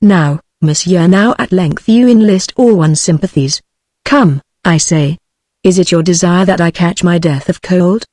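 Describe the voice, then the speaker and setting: Stout, irritable male French minister voiced by a British English TTS woman, even read, dry. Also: lowish voice, measured pace, no echo.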